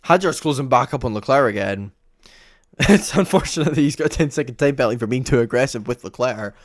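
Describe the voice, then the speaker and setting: A man's voice: medium pitch, animated, a little fast, no echo, clean studio sound. Exasperated man ranting about a race. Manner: exasperated, rambling, self-interrupting. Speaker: livestream host. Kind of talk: casual live race commentary.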